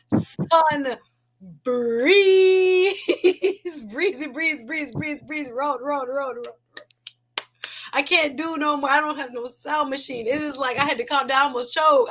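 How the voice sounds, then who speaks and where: Her mid-range voice is a bit bright as she hosts a laid-back livestream. The woman talks with emotion, laughs frequently, and tends to say things more than once.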